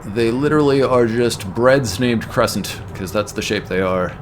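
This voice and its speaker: A man's voice: mid-range voice, normal speed, faint music behind. A man streaming a game, chatting casually and musing aloud about words as he plays. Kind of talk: casual gameplay commentary.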